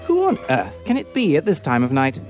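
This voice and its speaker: A man playing an eager Victorian gentleman detective. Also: a little high, a little fast, faint music behind. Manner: animated, upper-class banter. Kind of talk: audiobook drama acting.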